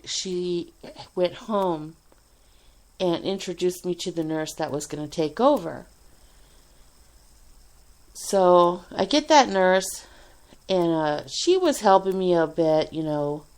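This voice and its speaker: A woman telling a personal hospital story in a casual, animated way, swearing often and laughing between lines. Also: on the low side. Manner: animated, profane, frequent laughs and fillers. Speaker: radio show host telling a personal story.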